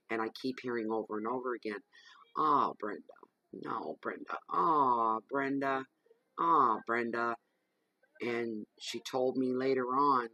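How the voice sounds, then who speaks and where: A man gives a tarot reading to camera at home in the evening. He talks in a chatty, rambling way and slips into soft, murmured invocations. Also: medium pitch, dry recording, poor audio. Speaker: tarot reader. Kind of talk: casual chat to camera during a tarot reading. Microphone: camera microphone.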